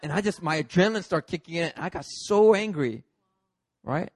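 A man, a pastor, preaching a sermon through a lively personal story, acting out the scenes. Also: on the high side, moderate pace, no echo. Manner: lively, acts out scenes with shifting voices.

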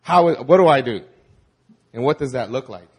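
A man preaching a sermon in a conversational, animated way, with casual fillers. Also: mid-range voice, normal speed, husky. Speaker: pastor.

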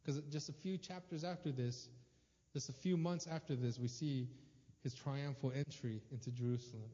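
A man preaching a sermon with emphatic, repetitive phrasing that swings between soft and loud. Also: mid-range voice, steady tone, moderate pace. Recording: dull sound with long hall reverb.

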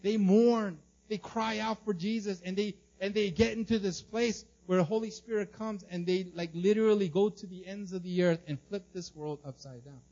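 A male pastor preaches with a high, lively voice, slipping into the voices of the people in the story as he goes. He repeats and restarts his words often. The recording sounds slightly dull. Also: normal speed, hardly any pauses. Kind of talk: sermon.

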